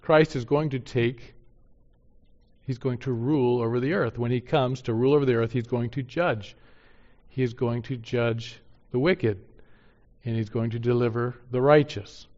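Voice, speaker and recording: Emphatic preacher man in a hall. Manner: emphatic, rising to loud pitched peaks on key points. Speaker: pastor. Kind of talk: sermon. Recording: muffled sound in a reverberant hall.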